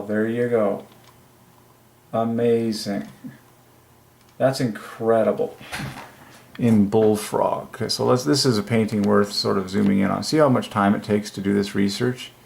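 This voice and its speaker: Male host, slow, low, heavy vocal fry, mumbling to himself during a solo study session. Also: a little mellow. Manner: muttering to himself while working. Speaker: channel host. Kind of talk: solo religious word-number study. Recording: echoey room.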